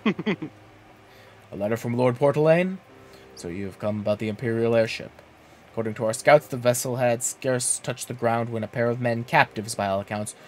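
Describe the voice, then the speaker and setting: A man voicing a creepy knight in black armor, pushing his voice deep and reading slowly and solemnly. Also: slight background noise, natural voice. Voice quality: deep, strained low voice.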